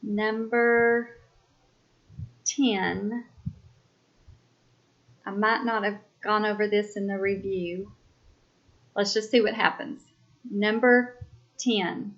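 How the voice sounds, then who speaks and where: Slow-talking woman sign language teacher. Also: medium pitch, fairly even intonation, a bit bright. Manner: slow, deliberate, spells out each item. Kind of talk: slow classroom quiz dictation. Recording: dull lo-fi recording.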